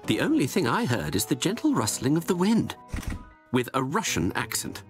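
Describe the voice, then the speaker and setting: A man's voice: a little high, very animated, moderate pace, faint music behind. A man playing a confident, theatrical detective who talks in a grand, lofty, mock-grave way. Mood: commanding. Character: confident, theatrical male detective, older gentleman. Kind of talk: video game voice acting.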